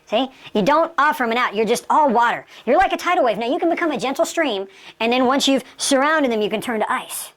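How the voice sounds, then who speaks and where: A woman's voice: on the high side, expressive, fast talker. A woman instructor giving an emphatic lesson and acting out sample dialogue. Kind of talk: instructional talk.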